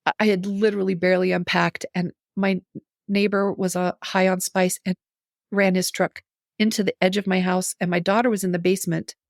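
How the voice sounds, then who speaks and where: A middle-aged woman, a guest on a podcast, telling a personal story in casual conversation, animated, acting out her own reactions and laughing often. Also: fairly low pitch, creaky, no echo, studio quality.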